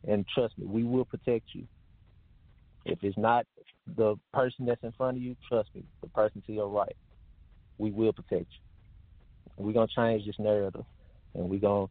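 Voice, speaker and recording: Man, lowish voice, earnest repetitive tribute, dry phone-like audio. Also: flat delivery, normal speed, pauses often, no echo. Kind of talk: heartfelt spoken tribute. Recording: tinny dry phone-like sound.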